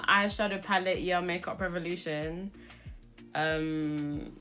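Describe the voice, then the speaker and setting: Giggly young woman doing her makeup on camera, bright voice, faint music behind. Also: fairly low pitch. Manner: giggly, self-mocking, switches between English and Luganda. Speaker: beauty vlogger. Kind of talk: casual makeup tutorial.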